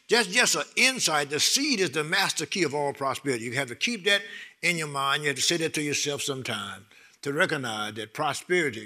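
A middle-aged man preaching a sermon, excitable, repeating words and building to loud bursts with laughter. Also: fairly high pitch.

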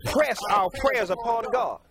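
A man's voice: high-pitched, lively intonation, measured pace, creaky, crowd noise. A male preacher delivering a sermon in a folksy, repetitive way, often stopping to correct himself and laughing at his own stories. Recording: congregation heard behind.

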